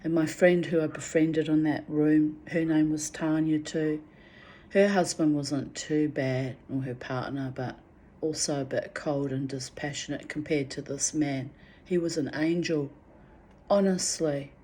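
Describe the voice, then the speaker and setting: Frank, rambling middle-aged woman, lowish voice. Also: fairly even intonation, a little slow, warm tone, a little hiss or hum. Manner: rambling, frank, swears freely, restarts often. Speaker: vlogger recounting personal memories. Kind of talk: candid spoken reflection.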